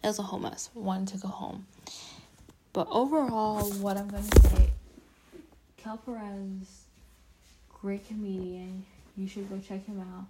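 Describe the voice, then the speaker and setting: A woman's voice: medium pitch, steady tone, unhurried, pauses often, noisy background. A young woman vlogging casually, telling a self-deprecating story in a rambling, chatty way with many restarts.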